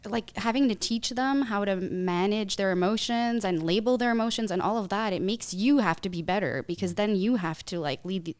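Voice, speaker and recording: A woman's voice: mid-range voice, moderate pace, few pauses. A woman guest on a podcast, talking in a chatty, casual way with many "like" fillers. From Canada. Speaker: guest, wedding photographer.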